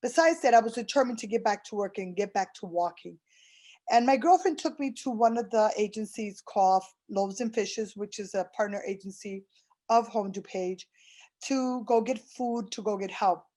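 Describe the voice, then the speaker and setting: At a moderate pace, with a medium pitch and dark tone, a middle-aged program client gives an earnest personal testimonial. She relays past conversations with restarts and fillers along the way.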